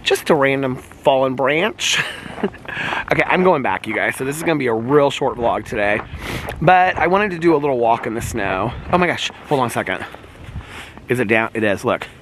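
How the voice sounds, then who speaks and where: A man's voice: medium pitch, animated, moderate pace, background noise. A man chatting to his viewers while walking outdoors in the snow, exclaiming and laughing often, recorded on a phone. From Indiana, USA. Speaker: vlogger. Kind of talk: casual walking vlog.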